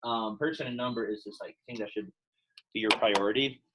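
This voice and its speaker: A young man teaching a Latin class in a relaxed, chatty way, with plenty of fillers. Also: fairly low pitch, brisk, low-quality recording. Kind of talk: casual classroom lesson.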